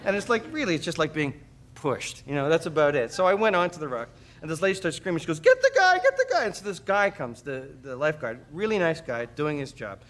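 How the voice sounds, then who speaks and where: A fast-talking Canadian man, a guest on a talk show, tells a comic story and animatedly acts out voices with high shrieks. The TV studio audio carries crowd noise and laughter from the live audience.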